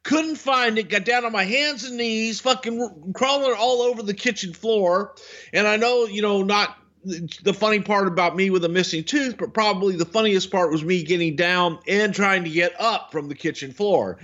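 A man co-hosting a podcast, telling stories in a casual, profane way and swinging between low grumbling and loud outbursts. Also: normal speed, muffled recording. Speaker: podcast co-host, wrestling veteran.

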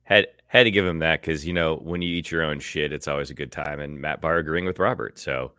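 A man's voice: a little fast, pushed and bright, clear, resonant tone, no room sound, studio quality. A man co-hosting a casual sports podcast, boastful and joking as he talks about bets and games. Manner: boastful, joking, talks in big swings of pitch. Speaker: podcast co-host. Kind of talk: casual sports betting chat.

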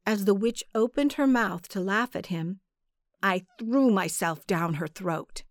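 A woman narrates a dark fantasy audiobook from a script, measured and dramatic in her storytelling. Her mid-range voice comes through in clean studio sound with no echo.

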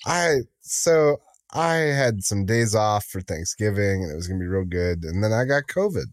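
A man's voice: on the low side, expressive, moderate pace, no room sound. Laid-back man co-hosting a podcast. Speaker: podcast co-host. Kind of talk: casual chat.

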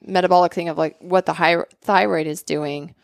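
Gravelly low-voiced woman explaining casually. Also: fairly even intonation, dry recording. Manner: quick, conversational, peppers explanations with "right?".

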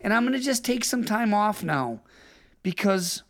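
A middle-aged man talking bluntly in a casual chat, telling stories with swearing and quick impressions of other people. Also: high voice. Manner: blunt, profane storytelling with lively impressions.

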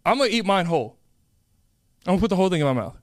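A young man with a high, lively voice teases and coaxes his friend, laughing between lines. The sound is dry and close, with no room around it. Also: racing, no room sound. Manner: laughing, coaxing, teasing. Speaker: podcast host. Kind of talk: casual chat.

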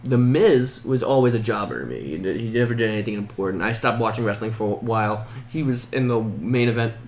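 A man's voice: fairly low pitch, expressive, fast talker, darkish tone. A man co-hosting a casual chat, chiming in with jokes and quips. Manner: joking, chimes in with quips. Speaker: podcast co-host.

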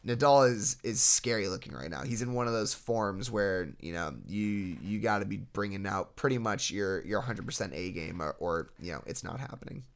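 A young man co-hosting a sports podcast, breaking down matches in a relaxed, analytical way with frequent restarts. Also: on the low side, moderate pace, few pauses. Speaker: podcast co-host. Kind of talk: casual sports podcast chat.

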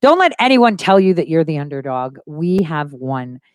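A woman's voice: low-pitched, sing-song, normal speed, clean tone, no room sound, clean studio sound. A woman hosting a casual livestream, speaking emphatically with conviction and repeating phrases for stress. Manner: insistent and full of conviction. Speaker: livestream host.

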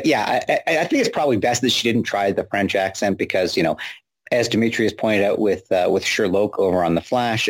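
A man co-hosting a podcast in casual chat, thinking aloud in a measured way, full of "you know" fillers and restarts. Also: on the low side. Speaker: podcast co-host, called Professor.

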